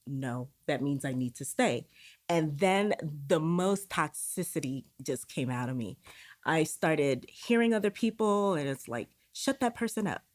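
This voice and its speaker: A woman with a deep, low voice recounts a personal experience as a podcast guest. She talks candidly and swears now and then. She slips into quoted dialogue to act out the inner voices she heard. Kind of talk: personal storytelling.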